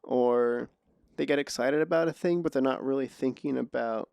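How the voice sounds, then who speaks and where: A man hosting a casual podcast conversation, sarcastic and quick to laugh, often restarting his words. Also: mid-range voice, creaky, a little mellow, no room sound. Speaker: podcast host.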